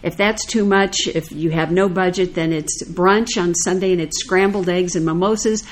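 A woman's voice: fairly low pitch, moderate pace, slight background noise. An older woman casually telling a story in conversation, acting out what people said. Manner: animated anecdotal storyteller, acts out quoted lines. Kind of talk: casual chat.

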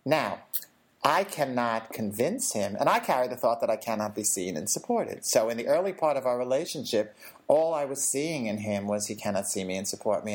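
A woman speaking as a guest in a conversation, explaining ideas calmly and acting out gentle quoted lines. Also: extremely low pitch. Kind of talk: casual conversation.

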